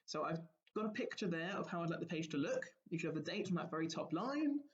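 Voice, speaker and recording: A man, a primary school teacher giving a recorded lesson, explaining gently and asking the children questions. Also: on the high side, expressive, fast, dull audio.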